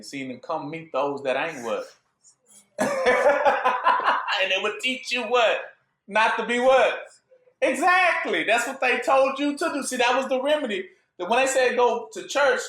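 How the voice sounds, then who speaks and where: A man teaching scripture in a loose, joking sermon with a high, lively voice that swings up and down. He asks his listeners to fill in the words, and the room around him echoes. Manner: call-and-response questions, joking, laughing. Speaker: bible teacher. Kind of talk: informal sermon.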